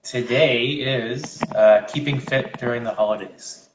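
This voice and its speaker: A man's voice: medium pitch, unhurried, roomy sound, background noise. A man co-hosting a fitness chat, giving casual advice in a rambling way with many fillers and restarts, over a video call. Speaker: fitness trainer co-host.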